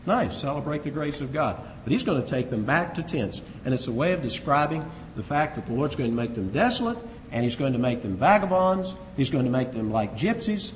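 Animated man preaching in a hall. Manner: animated, rhetorical, rises in pitch for emphasis. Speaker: preacher teaching from the Bible. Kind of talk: expository Bible sermon. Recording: dull reverberant hall recording with faint hiss.

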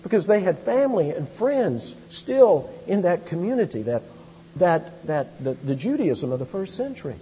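A man preaching a sermon as pastor, with animated emphasis and quick asides. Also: high voice, slight background noise. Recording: dull, lo-fi sound with long hall reverb.

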